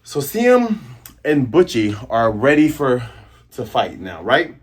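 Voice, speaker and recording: A man hosting a casual manga chapter review, excitable and acting out the scenes as he describes them. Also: medium pitch, slow pace, husky. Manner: animated, excitable, acts out scenes.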